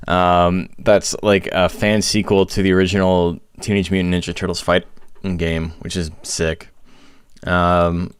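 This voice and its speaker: A man with a deep voice chats casually on a live stream, rambling and poking fun at himself. He keeps getting interrupted by hiccups. The sound is dry, with no room echo. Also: smooth. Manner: chatty, rambling, self-deprecating. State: has hiccups.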